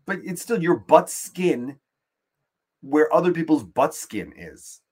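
Animated, husky-voiced man ranting. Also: a little high, slow pace. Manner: crude, animated ranting with swearing. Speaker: podcast host. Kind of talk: casual solo podcast monologue.

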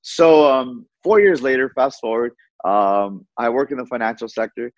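A man telling his story as a podcast guest in a lively, fast way, often repeating words. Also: medium pitch, no echo. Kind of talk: casual storytelling. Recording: dull lo-fi audio.

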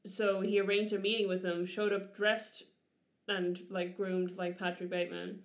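A woman's voice: medium pitch, flat delivery, moderate pace. A woman from Dublin with an Irish accent, co-hosting a podcast in chatty, giggly conversation. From Ireland, Dublin. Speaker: podcast co-host. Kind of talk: casual chat. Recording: roomy echoey room.

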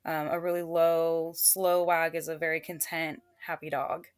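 A woman's voice: low-pitched, level tone, measured pace, smooth, no echo, studio quality. A young adult woman, a veterinary technician and animal communicator, talking casually as a podcast guest with frequent fillers and laughs.

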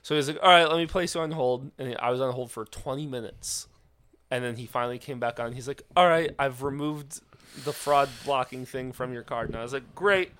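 A man's voice: medium pitch, fairly quick, a bit bright, clear, resonant tone. A man hosts a casual podcast with a mid-range voice. He tells his stories in a loose, rambling way and swears freely. He also acts out both sides of the phone calls he describes. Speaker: podcast host.

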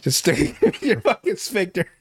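Man, young adult, podcast host, casual profane rambling, fairly high voice. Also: wildly swooping pitch, unhurried, slightly rough. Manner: profane, rambling, laughs often, with restarts. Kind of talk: casual podcast chat recapping a TV series.

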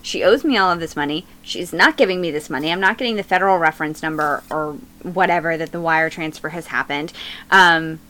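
A woman's voice: low-pitched, brisk, bright, forceful tone. A woman in her thirties co-hosting a podcast, chatting casually as she retells a true crime story, rambling, laughing often and losing track of names. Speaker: podcast co-host.

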